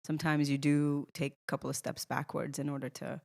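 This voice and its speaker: A young woman from Iran tells a personal story as a podcast guest, jumping between restarts and little acted-out exchanges. Her voice sits a bit low for a woman. The recording is close and dry, with no room sound. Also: fairly quick, creaky, no echo. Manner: animated, restarts often, acts out quoted dialogue. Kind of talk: emotional storytelling in casual conversation.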